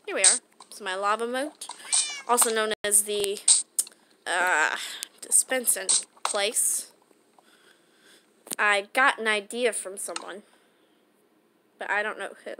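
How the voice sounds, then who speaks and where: Talking slowly and leaving long pauses, this medium-pitched woman rambles through a game as she plays, chatting to herself like the gaming channel host she is. Her casual commentary competes with loud background noise.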